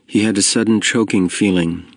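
A man reading a story aloud in steady, measured scripted narration. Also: fairly low pitch, no echo, studio quality. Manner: steady, measured reading, slowing at heavy moments. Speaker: audiobook narrator.

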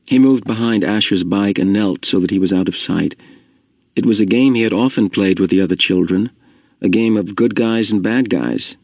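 A man narrating a story in a lowish voice. The recording is very dry and close, with no room at all. He reads steadily and takes his time. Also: no room sound. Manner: steady, measured reading, slowing at heavy moments. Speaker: audiobook narrator. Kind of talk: scripted narration.

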